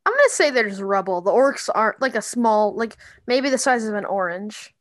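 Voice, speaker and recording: A woman's voice: medium pitch, very animated, no echo. Casual woman running a tabletop game. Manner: casual, halting, many fillers. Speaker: game master.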